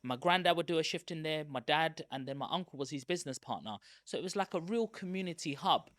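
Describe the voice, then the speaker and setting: A man, a guest telling candid stories from his school days in a lively, chatty way. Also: fairly high pitch, quick pace, no room sound, clean studio sound. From East London, England. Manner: lively, chatty, self-aware. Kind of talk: candid personal storytelling.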